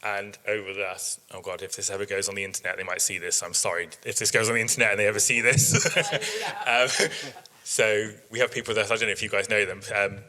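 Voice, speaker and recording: A man with a bright, forceful tone and a fairly low voice tells stories from the show ring to a live workshop crowd. He is chatty and animated, acting out quotes and laughing as he goes. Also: a little fast. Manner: chatty storyteller, acts out quotes, laughs often. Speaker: sheep breeder giving a workshop talk. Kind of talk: informal presentation to an audience. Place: live workshop in front of an audience.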